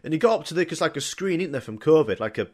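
A man's voice: a little high, lively intonation, racing, darkish tone. A young man, telling rambling, sweary, jokey stories on his own podcast. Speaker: podcast host. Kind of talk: casual solo podcast storytelling.

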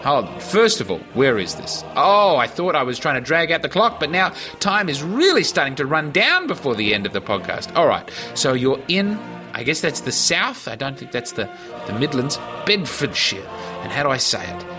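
A man hosting a podcast alone, rambling playfully and swooping his pitch for jokes, with music behind him. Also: huge pitch swings, normal speed, sharp tone. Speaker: podcast host. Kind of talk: rambling comedic monologue.

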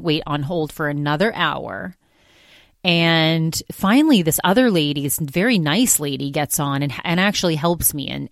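A woman's voice: low-pitched, no echo, clean studio sound. A woman hosting her own podcast, talking in a rambling, exasperated way full of fillers. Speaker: podcast host. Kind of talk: casual solo podcast monologue.

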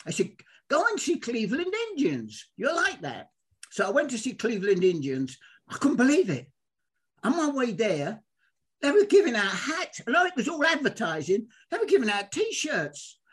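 Older guy, husky, voice swings all over, rambling excited stories. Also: very high voice, moderate pace. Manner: excitable, rambling, acts out quoted dialogue. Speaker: guest. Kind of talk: animated storytelling.

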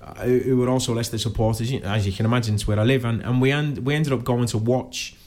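A man's voice: mid-range voice, steady tone, quick pace, darkish tone. A man, chatting as a guest and telling rambling stories, often asking "do you know what I mean". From Liverpool area. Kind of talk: casual chat.

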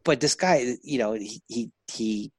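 A man telling stories in a loose, casual chat. He is profane and animated and keeps jumping into other people's voices. The room sounds dry and close. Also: mid-range voice, unhurried, slightly rough, no room sound. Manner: profane, animated, acts out quotes.

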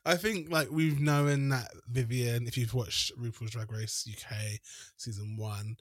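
A man's voice: medium pitch, fairly even intonation, measured pace, no echo, studio quality. Rambling man co-hosting a podcast. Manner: rambling, laughs often. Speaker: podcast co-host. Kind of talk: casual chat.

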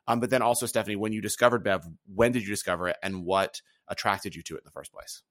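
A man's voice: on the low side, quick pace, fairly bright tone, dry recording, clean studio sound. A man interviewing guests, asking long rambling questions.

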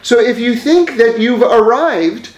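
A man's voice: extremely high pitch, expressive, measured pace, roomy sound. A man telling religious teaching stories in a conversational way, with frequent fillers and self-corrections. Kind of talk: storytelling religious lesson.

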